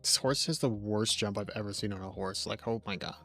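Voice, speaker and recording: A man's voice: lowish voice, brisk, a bit bright, soft background music. A young man rambling through casual, jokey gameplay commentary on a live stream, chatting to his viewers from home on a desk mic.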